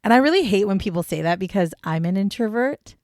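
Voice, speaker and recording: A woman's voice: medium pitch, animated, quick pace, a little mellow, no room sound, clean studio sound. A young woman co-hosting a true crime podcast, talking casually and bluntly, swearing freely. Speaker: podcast co-host.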